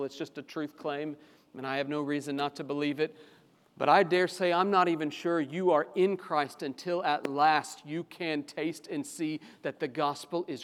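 A man with a high voice preaches to a congregation, swelling into fervent pleading as he drives home his points. His voice rings out with a long reverb in a large church sanctuary. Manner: impassioned, rising to fervent pleading. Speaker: pastor. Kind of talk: sermon.

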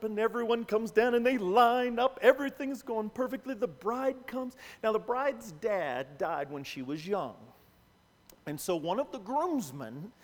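A man preaching a sermon, telling a story with lively, acted-out quoted voices. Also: high voice. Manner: animated, acts out quoted voices. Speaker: pastor. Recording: long hall reverb.

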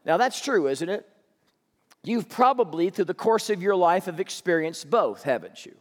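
A man's voice: sits high, very animated, moderate pace. A man preaching as a pastor in a church auditorium, conversational and joking as he tells stories. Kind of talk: sermon. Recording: echoey hall reverb.

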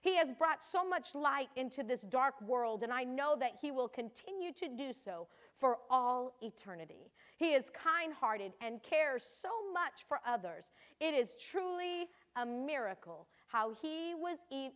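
A woman's voice: high voice, sing-song, a little slow, a bit bright, full character voice. An older woman voicing a devoted mother from scripture, reading her diary entries earnestly and with feeling. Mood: proud. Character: grieving then joyful mother of a holy son.

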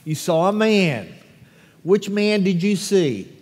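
A pastor reading scripture and then leading a lively children's sermon, questioning the congregation with animated energy. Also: male voice, high-pitched, takes it slowly. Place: church sanctuary. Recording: long echo of a large church hall.

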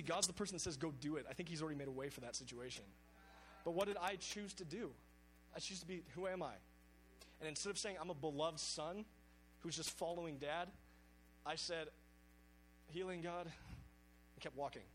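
A young man gives a sermon built around a personal story, earnest and animated as he acts out his own inner dialogue. His voice sits a little high for a man, and a faint hum runs underneath. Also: rough recording. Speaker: preacher.

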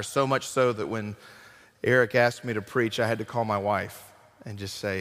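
Earnest preacher in a reverberant hall. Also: male voice, on the low side, steady tone, a bit bright. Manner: earnest, dramatic delivery with acted quotes and slowed emphasis. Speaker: guest preacher. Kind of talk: sermon.

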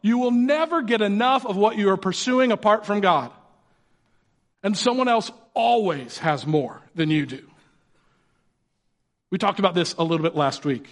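A man, a pastor and parent, preaching a conversational sermon in a lively, joking way. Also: sits high, normal speed, long pauses. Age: adult parent.

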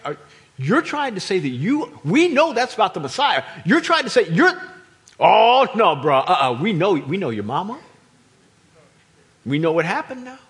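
A sneering hometown crowd, mocking and incredulous, as a male preacher puts them on in his sermon. The voice is somewhat high and turns dismissive and gossipy. The crowd refuses to believe what it hears. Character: scornful hometown synagogue crowd, gossiping men.

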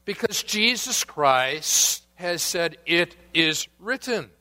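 A man preaching a sermon as pastor, reading scripture quotes aloud and moving between emphatic rises and quiet asides. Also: on the high side, animated, slow.

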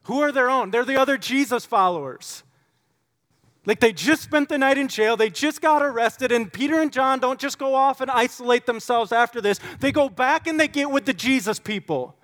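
A man's voice: extremely high pitch, normal speed, fairly bright tone. A man preaching in a church, praying earnestly and then teaching in a casual, conversational way with frequent fillers. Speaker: pastor. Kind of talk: sermon. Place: church sanctuary.

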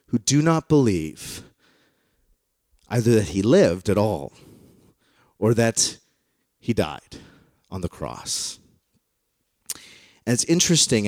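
A male pastor preaching to his congregation in a chatty, storytelling way. His voice sits at an ordinary pitch and sounds dry and close, with little room sound. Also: a little mellow, dry recording. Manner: conversational storytelling. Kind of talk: sermon. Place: in front of a congregation.

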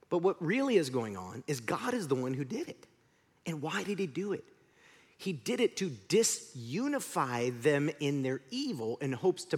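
A male pastor preaching a sermon, telling the story with lively acted-out voices. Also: sits high. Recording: long hall reverb.

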